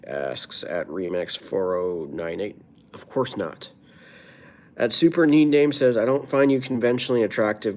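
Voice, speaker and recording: A tired man with an American accent, chatting casually on a livestream, reading viewer comments out loud and repeatedly asking people to subscribe. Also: on the low side.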